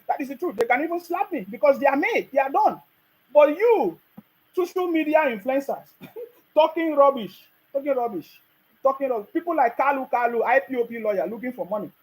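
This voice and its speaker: Nigerian guy ranting about politics, real high voice, mocking and laughing. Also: rough recording. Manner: mocking, laughs often, scolding the listener. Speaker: political commentator. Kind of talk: ranting monologue.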